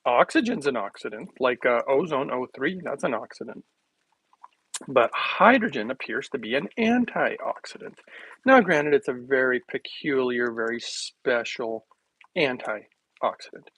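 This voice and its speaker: A man hosting a casual health livestream, rambling and joking with viewers, laughing often while making a smoothie in his kitchen. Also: mid-range voice, lively intonation, unhurried, a bit bright, dry recording, low-quality recording.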